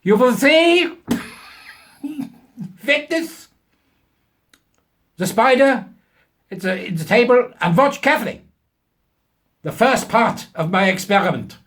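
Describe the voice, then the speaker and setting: A man voicing a pompous little male German professor who lectures on spiders, using a put-on German accent and a grandiose, booming delivery. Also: animated, slow pace, pauses often, a bit bright, exaggerated voice.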